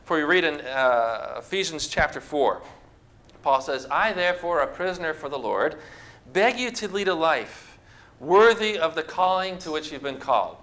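A man's voice: a little high, expressive, normal speed, a bit bright. A man preaching a sermon to a congregation, talking conversationally and asking the people questions. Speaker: pastor. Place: church with a congregation.

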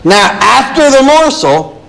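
A man preaching a sermon in a church, his voice pitched high and swinging widely as he talks. He pushes the congregation with rhetorical questions and reads scripture with dramatic weight. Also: very animated, takes it slowly, vocal fry, a bit bright, poor audio. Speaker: pastor.

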